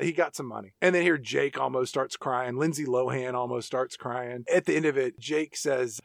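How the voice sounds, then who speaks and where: A man's voice: medium pitch, moderate pace, creaky, few pauses, dry recording, clean studio sound. A man co-hosting a comedic podcast, recapping a movie and acting out its characters in silly voices. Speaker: podcast co-host.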